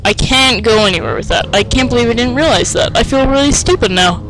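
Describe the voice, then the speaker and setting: A man giving let's play commentary, excitable and self-mocking, with sing-song taunts. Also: extremely high pitch, brisk, low-quality recording. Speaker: gamer.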